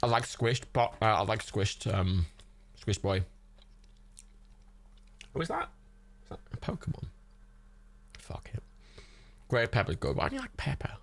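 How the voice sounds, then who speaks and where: A man's voice: on the low side, huge pitch swings, measured pace, gravelly, pauses often. A man from Ireland hosting a livestream watch party, chatting casually, swearing a lot and laughing often. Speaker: livestream host. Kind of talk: casual chat during a movie watch party.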